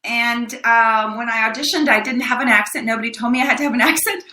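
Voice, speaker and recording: An older woman from Texas, an actress answering interview questions with lively stories and laughter. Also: a little high, fast talker. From El Paso, Texas. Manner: lively, laughing, acts out quoted voices. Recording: echoey room.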